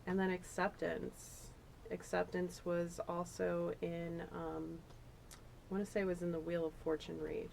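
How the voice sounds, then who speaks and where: A woman's voice: lowish voice, flat delivery, a little slow, creaky, darkish tone, slight background noise, poor audio. Chatty woman giving a tarot reading. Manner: chatty, emotional, rambling with fillers. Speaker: tarot reader. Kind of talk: casual spiritual tarot reading.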